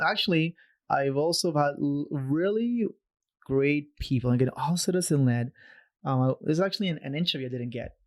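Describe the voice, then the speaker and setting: A man, a podcast guest, telling stories in a conversational way, animated and acting out quoted voices, with many restarts. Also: mid-range voice. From Canada. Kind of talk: conversational storytelling.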